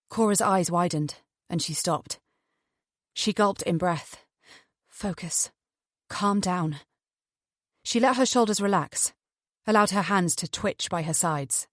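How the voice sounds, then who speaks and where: Dry, measured female audiobook narrator. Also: on the low side, dry recording.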